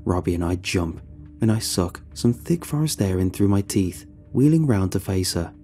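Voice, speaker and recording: A man narrating a scripted horror story in a slow, measured way. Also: low-pitched, lively intonation, warm tone, soft background music.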